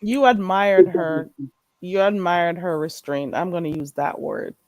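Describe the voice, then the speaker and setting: Low-voiced woman searching for words. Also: a little slow, darkish tone, no echo. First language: not English. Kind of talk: casual chat.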